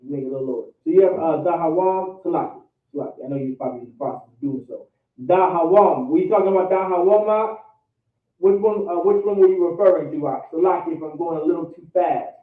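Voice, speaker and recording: A man's voice: on the high side, quick pace. A man teaching a class, drilling vocabulary and pronunciation by repeating each word again and again, with an American accent, over an online call. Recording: tinny, echoey, distant call audio.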